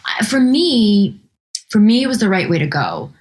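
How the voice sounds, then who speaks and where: A woman composer being interviewed, talking in a chatty, animated way with frequent restarts and laughs. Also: medium pitch, normal speed. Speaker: guest composer. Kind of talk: casual interview chat.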